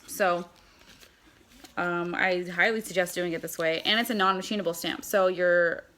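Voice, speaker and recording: A woman's voice: fairly low pitch, bright, forceful tone. A woman giving a casual how-to demonstration, chatting as she packs and handles mail. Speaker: product seller.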